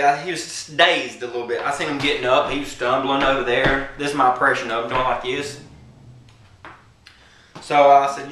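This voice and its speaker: A boastful man spins a playful comic tale for his followers, full of swagger. His voice is bright and forward. It sounds roomy, captured by a camera mic a few feet away. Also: medium pitch, steady tone, moderate pace, far from the mic, slight background noise. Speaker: comedy vlogger.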